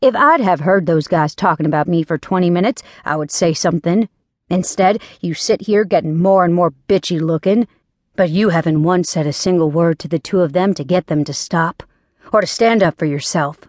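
A woman voicing a flat, blunt ex-cop man. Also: fairly low pitch, moderate pace, dry recording, studio quality, close to an everyday voice. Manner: flat, clipped, unemotional. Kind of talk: audiobook narration.

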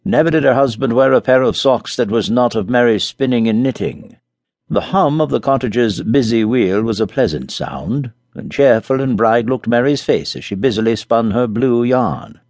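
A man gently reading a classic story aloud as an audiobook narrator, close to a studio mic. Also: medium pitch, lively intonation, moderate pace, no room sound.

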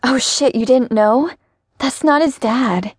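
A woman voicing a chatty, nervous young woman who speaks slowly and keeps sighing. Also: high voice, husky, dry recording, clean studio sound, full character voice. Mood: gossipy, uneasy. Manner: slow, rambling and sighing.

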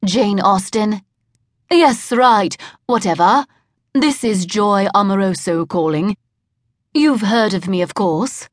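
A woman's voice: mid-range voice, expressive, takes it slowly, no echo, clean studio sound. A woman voicing a pushy, self-important businesswoman who puts on a phony British accent in an audiobook. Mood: haughty. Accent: fake British. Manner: haughty, presumptuous. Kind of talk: audiobook character voice.

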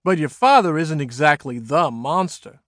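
A man's voice: fairly high pitch, lively intonation, normal speed, fairly bright tone, dry recording. A man voicing an ancient, skeleton-thin old man who speaks in a dry, offhand way. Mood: wry.

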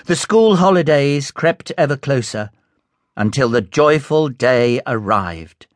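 A man narrating an audiobook in a measured, unhurried storytelling manner, recorded close in a studio. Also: mid-range voice, animated, no echo. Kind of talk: scripted narration.

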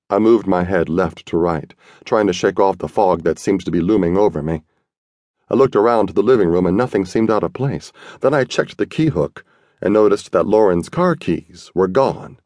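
A man narrating a first-person audiobook in a streetwise, slangy, gruff manner. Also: low voice, moderate pace, darkish tone, no echo, studio quality.

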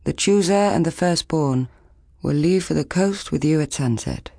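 A woman voicing a stern, commanding old village woman who speaks firmly and calmly. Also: low-pitched, normal speed, gravelly, no echo, studio quality. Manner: firm, commanding.

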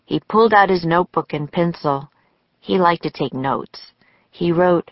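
Brief: woman narrator for a kids' audiobook, low and slow, dry slightly dull studio recording. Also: no echo. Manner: slow, deliberate storytelling. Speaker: author and narrator.

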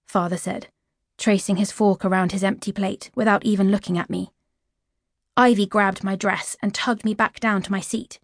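A woman narrating a children's audiobook at a middle pitch in a clear, lively storytelling manner. The recording is dry and close, with no room sound. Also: moderate pace, no room sound.

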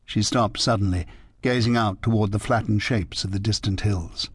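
A man narrating a novel in a measured, soft storytelling way. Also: fairly low pitch, husky, dry recording, studio quality. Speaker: audiobook narrator. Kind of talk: scripted narration.

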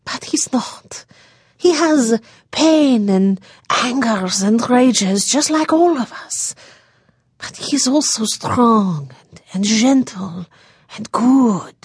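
A woman's voice: mid-range voice, expressive, takes it slowly, a little mellow, husky, dry recording, clean studio sound, heavily acted. A woman voicing a heartbroken, headstrong young daughter who pleads through tears and drops into whispers. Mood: tearful. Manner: tearful, pleading, breaking into whispers.

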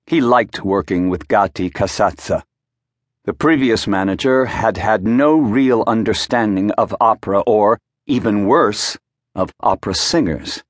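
Male audiobook narrator, lowish voice, dry close studio sound, measured wry delivery. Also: dry recording. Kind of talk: scripted narration. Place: recording studio.

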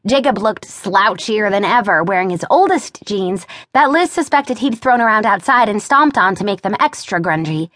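A woman narrating an audiobook with wry, expressive storytelling and a voice of middling pitch. The sound is close and dry, with no room sound around her. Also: moderate pace, few pauses, dry recording. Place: recording studio. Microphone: close studio mic.

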